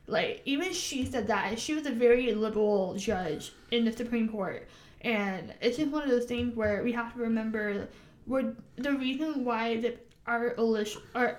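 A fairly high-voiced woman from the United States, co-hosting a casual podcast. She talks earnestly and with emphasis, and leans on "like" and "you know" as she goes. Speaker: podcast co-host.

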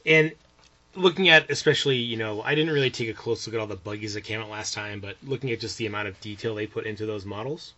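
A man with a bright, forceful tone chats about his hobby. He talks eagerly and haltingly, with frequent restarts and filler. The recording is muffled and lo-fi. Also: on the low side. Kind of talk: casual hobby chat. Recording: dull lo-fi recording.

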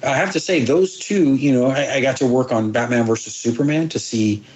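A middle-aged actor in an interview, telling emotional stories earnestly, halting with many restarts and quoting others' dialogue. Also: male voice, mid-range voice, a little mellow, muffled recording. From abroad, moved to the United States as a child. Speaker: actor guest.

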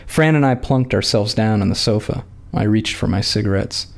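Low gravelly male storyteller. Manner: calm, measured narration. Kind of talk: reading a short story aloud.

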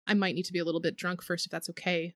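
A woman co-hosting a gaming podcast, chatting casually, animated and jokey, swearing now and then. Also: on the low side, very fast, no echo. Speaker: podcast co-host.

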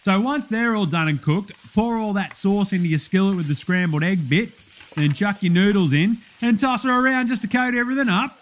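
A man's voice: high-pitched, a little fast, slight background noise, pitched above the performer's own voice, lightly acted. A man with an Australian accent voicing a brash, blokey male TV cook who jokes and laughs with his studio audience. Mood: boisterous. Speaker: podcast host in a comedy bit.

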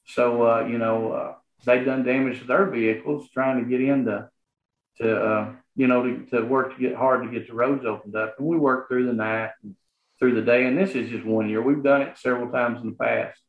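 A man's voice: mid-range voice, steady tone, moderate pace. A man with a Southern accent talks earnestly in a casual interview, stopping and restarting often and leaning on lots of fillers. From Arkansas, USA. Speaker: guest, property association manager. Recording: roomy, phone-like sound.

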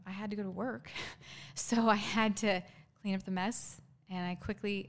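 Woman telling a personal story, halting. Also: mid-range voice. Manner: halting, with frequent ums and restarts. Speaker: interview guest.

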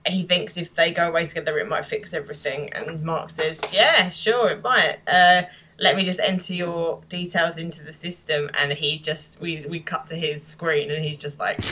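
A British woman co-hosting a podcast, casually recapping a TV episode with animated quoted lines and laughter. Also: sits low, a little hiss or hum, rough recording. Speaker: podcast co-host.

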